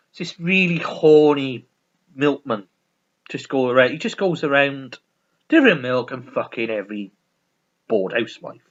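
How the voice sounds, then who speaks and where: A man talks casually on a vlog, rambling and swearing, restarting and laughing as he goes. His voice sits a touch high and swings widely in pitch, and the recording sounds dull and lo-fi. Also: a bit bright. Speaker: vlogger. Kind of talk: casual chat reviewing a sitcom.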